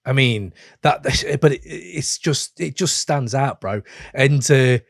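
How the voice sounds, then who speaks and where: A man's voice: mid-range voice, lively intonation, slow pace, creaky, no echo, studio quality. A man hosting a podcast interview, full of effusive praise and casual chat. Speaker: podcast host.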